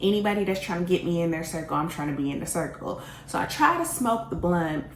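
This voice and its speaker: Animated woman telling a storytime vlog. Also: fairly low pitch. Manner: animated and self-mocking, laughing often, dramatic pauses. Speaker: vlogger telling a personal story. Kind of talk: casual storytime monologue. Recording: roomy echo, faint background hiss.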